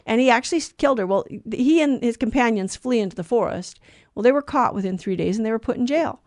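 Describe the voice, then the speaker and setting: A woman's voice: fairly high pitch, animated, quick pace, darkish tone, no room sound, studio quality. A woman co-hosting a Catholic radio show, telling a story earnestly and with animation, often restarting her sentences.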